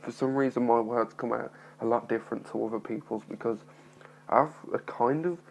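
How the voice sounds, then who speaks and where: A man's voice: mid-range voice, brisk, creaky, a little hiss or hum, poor audio. A nervous young man vlogging to his phone, rambling and apologetic, with a mild speech impediment. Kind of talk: casual talking-to-camera vlog.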